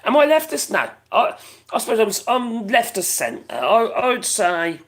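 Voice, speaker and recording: Gravelly, husky British man chatting live. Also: high-pitched, big pitch swings, measured pace, a bit bright. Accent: British English. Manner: rambling, chatty, laughs often, reads out viewers' chat. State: voice going hoarse. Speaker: live stream host. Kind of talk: casual live-stream chat.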